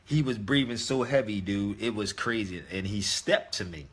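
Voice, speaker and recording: An online talk host with a lowish, husky voice tells a story at a moderate pace in a casual monologue. He's emphatic and speaks directly to his listeners.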